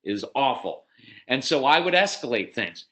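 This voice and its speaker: A middle-aged American man speaks at a live parenting workshop. His delivery is direct and matter-of-fact, and he breaks into lively acted voices of parents and children to make his points. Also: mid-range voice, poor audio. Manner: animated, acts out parents and kids in quick voices.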